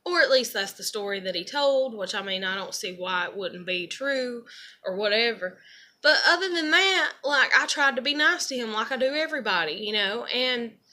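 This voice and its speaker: A woman's voice: mid-range voice, moderate pace, pushed and bright, a little hiss or hum. A woman venting in a rambling personal monologue, swearing heavily and leaning on fillers as she talks. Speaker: vlogger.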